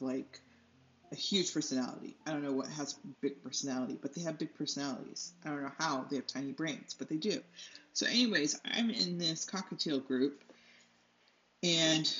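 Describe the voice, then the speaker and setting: A woman's voice: low voice, a bit bright. A young woman hosting an art tutorial, chatting casually while she paints at home, rambling, losing her train of thought and laughing often. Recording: slightly dull lo-fi sound.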